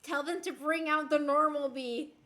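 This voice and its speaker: Young woman streamer, forceful bright tone, chatty and blunt, in a roomy echoing space. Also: high-pitched, fairly even intonation, moderate pace. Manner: candid, chatty, swears freely, reads chat aloud. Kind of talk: casual chat. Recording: roomy echo.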